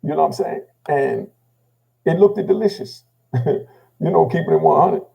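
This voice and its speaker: Here an older man from Jamaica recounts personal experiences at an ordinary pace, his intonation lively and the sound lo-fi. The delivery is relaxed yet emotional and gravelly, with "you know what I mean" following nearly every idea. When repeating his own words, he sinks into a soft, low voice.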